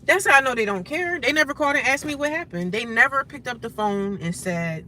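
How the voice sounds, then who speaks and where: A woman's voice: on the high side, lively intonation, brisk, hardly any pauses, bright, forceful tone, slight background noise. A woman vlogger talking casually to the camera in a frank, emphatic, motivational way. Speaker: vlogger living in a shelter.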